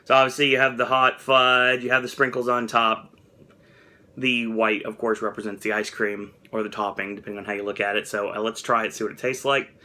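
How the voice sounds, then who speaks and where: A man's voice: on the low side, level tone, brisk, pushed and bright. A young man chatting casually on camera as he taste-tests snacks, candid and a little dramatic about the flavors. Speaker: food review vlogger. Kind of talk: casual taste-test commentary.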